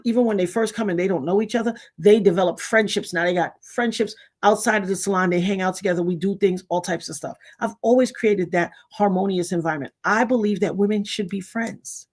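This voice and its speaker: A woman from Trinidad, a salon owner, hosting a casual live-stream monologue and telling stories with acted-out voices. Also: medium pitch. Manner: animated storyteller who acts out quoted voices.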